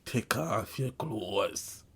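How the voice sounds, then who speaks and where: A man's voice: on the low side, animated, gravelly, a little hiss or hum, pitched below the performer's own voice, exaggerated voice. A man doing his stern dad. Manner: scolding, slow and stern. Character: strict angry Jamaican father, middle-aged man.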